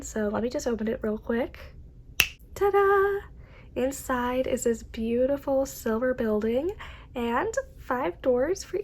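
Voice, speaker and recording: Young woman, chatty and upbeat, fairly high voice, faint background hum. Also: warm tone. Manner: bubbly, chatty, enthusiastic. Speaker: travel vlogger. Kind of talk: casual vlog narration. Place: cruise ship.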